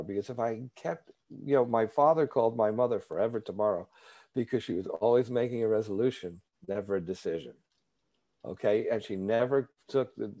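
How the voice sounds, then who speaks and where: A man's voice: mid-range voice, gravelly, warm tone. A man sharing his personal story at a recovery support meeting, candid and conversational, often repeating words as he gathers his thoughts.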